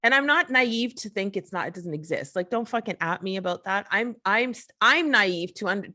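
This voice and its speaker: A woman's voice: on the high side, lively intonation, moderate pace, few pauses, sharp tone. A woman host giving an emotional solo monologue, impassioned and profane, full of restarts and rhetorical questions. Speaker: podcast host.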